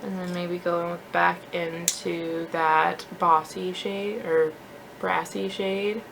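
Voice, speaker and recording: Chatty young woman with a gravelly edge. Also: lowish voice, flat delivery, slow pace, a bit bright, slight background noise. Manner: chatty, self-deprecating, many fillers like "like". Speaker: beauty vlogger. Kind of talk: casual chat while doing makeup.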